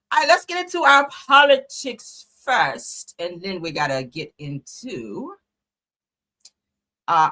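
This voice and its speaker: A woman's voice: on the low side, sharp tone. A woman hosting a livestream, giving casual, slangy commentary and laughing often. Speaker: livestream host.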